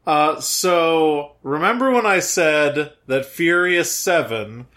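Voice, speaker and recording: A man's voice: fairly high pitch, animated, slow, sharp tone. A man co-hosting a casual podcast, explaining at length with enthusiasm. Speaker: podcast co-host. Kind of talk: casual chat.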